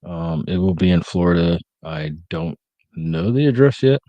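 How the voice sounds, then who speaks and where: A man's voice: low-pitched, lively intonation, normal speed, no room sound, highs cut off. A man hosting a live podcast, chatting loosely with lots of ums and uhs, a little sleepy. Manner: rambling, many ums and uhs. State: sleepy, yawning. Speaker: podcast host. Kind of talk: casual live-stream chat.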